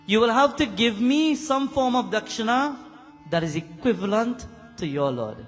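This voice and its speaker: A man's voice: very high-pitched, animated, normal speed, voice pushed up. A man voicing a playful, demanding male sage who teases and bargains. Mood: bargaining. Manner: teasing, bargaining. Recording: reverberant hall with keyboard music.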